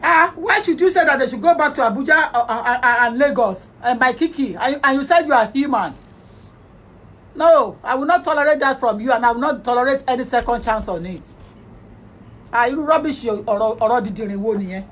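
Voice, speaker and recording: Brisk and high-pitched with a fairly bright tone, a woman hosts a heated livestream rant. She was born in England, speaks with a Nigerian Yoruba-English accent, and scolds her audience as she shifts between English and Yoruba.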